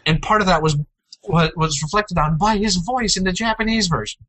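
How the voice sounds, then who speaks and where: A young man co-hosting a casual gaming news chat, joking and sometimes jumping into playful high-pitched outbursts. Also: moderate pace, a bit bright, dry recording, low-quality recording. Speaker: co-host.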